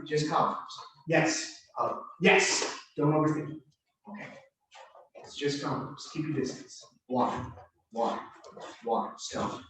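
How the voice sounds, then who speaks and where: A somewhat high-voiced man coaches a student through a drill, repeating short reassuring cues. He is picked up from across a very echoey room, a little distant from the mic. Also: a bit bright. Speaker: self-defense instructor. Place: martial arts gym.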